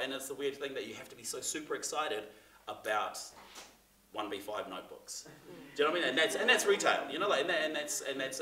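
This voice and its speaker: Picked up from afar in an echoey theatre room, a male seminar presenter gives a loose, conversational class talk full of fillers and restarts. His voice is mid-range, pushed and bright.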